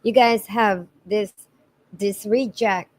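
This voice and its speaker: A woman's voice: medium pitch, fairly even intonation, slow pace, a little mellow. A middle-aged woman with a Filipino accent, a podcast guest telling her life story in an earnest way, with many restarts and repeated words. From Philippines. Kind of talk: emotional storytelling in conversation.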